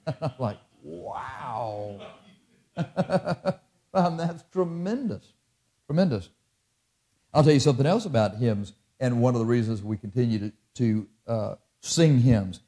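Male pastor, mellow sermon voice, folksy delivery, quotes hymns, mid-range pitch. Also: animated, moderate pace. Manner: folksy and conversational, quoting hymn lyrics.

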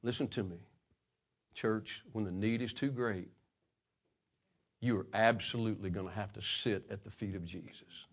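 A man preaching a sermon, swinging from loud, passionate peaks to hushed, quiet stretches. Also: fairly low pitch, steady tone, normal speed, pauses often. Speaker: pastor.

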